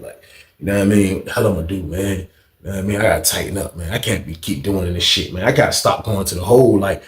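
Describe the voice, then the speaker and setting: A man telling a story casually in slangy, profane, animated talk. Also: medium pitch, echoey room.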